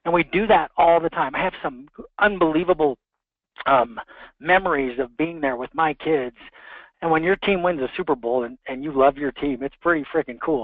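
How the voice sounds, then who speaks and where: A man's voice: on the high side, moderate pace, no room sound. A middle-aged man on a coaching conference call, telling a personal story in a rambling, heartfelt way with many restarts. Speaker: mortgage professional on a coaching call. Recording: tinny phone line, dry.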